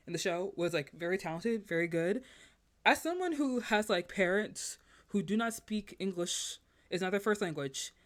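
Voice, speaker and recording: Fired-up woman critic on a podcast. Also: medium pitch. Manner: passionate and emphatic, ranting opinions. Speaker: podcast guest, film critic. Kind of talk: casual podcast chat.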